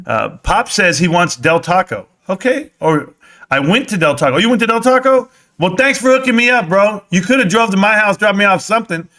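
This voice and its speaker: A young man hosting a live stream, talking excitedly, reading chat and yelling at times, sweaty and winded. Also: high-pitched, a little fast. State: sweating in a helmet. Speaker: livestream host.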